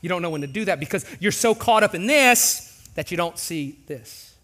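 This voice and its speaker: A pastor preaches in a large church. His voice sits high and bright, and he keeps it animated, joking and acting out little voices as he goes. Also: normal speed. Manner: animated, jokey, acts out voices. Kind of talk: sermon.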